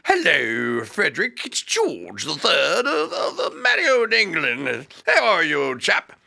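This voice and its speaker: A man's voice: fairly high pitch, wildly swooping pitch, unhurried, vocal fry, bright, forceful tone, heavily acted. A man voicing a pompous old English king writing chummy letters to hire mercenaries, in a smarmy, overly polite way.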